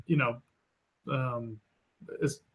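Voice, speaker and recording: Deadpan male podcast co-host. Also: mid-range voice, drawn-out words, phone-quality sound. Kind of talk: casual podcast chat.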